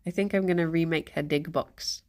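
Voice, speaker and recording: A woman's voice: low voice, steady tone, fairly quick, darkish tone. A young woman chatting casually on a live stream, rambling and giggling often as she reads the chat aloud.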